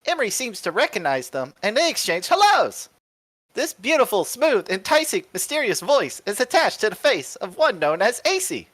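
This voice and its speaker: A woman's voice: mid-range voice, very animated, moderate pace, a bit bright, no room sound, pitched above the performer's own voice. A woman voicing a cheerful, naive robot companion who recaps a tabletop game session in stiff, formal phrasing with bouncy exclamations. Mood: chipper. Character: cheerful naive robot party member, metal frame.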